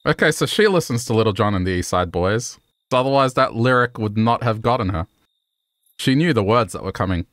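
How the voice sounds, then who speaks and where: A man's voice: on the low side, animated, fairly quick, a bit bright, no room sound, clean studio sound. A man streaming a video game, giving wry, offhand commentary. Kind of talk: gameplay commentary.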